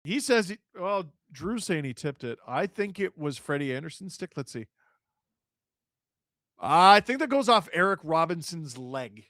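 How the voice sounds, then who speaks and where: Excitable joking man hosting a live stream. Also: a little high, a little slow, no echo, studio quality. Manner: joking, excitable, shouts on goals. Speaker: livestream host reading chat. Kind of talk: casual live watch-along chat and play-by-play.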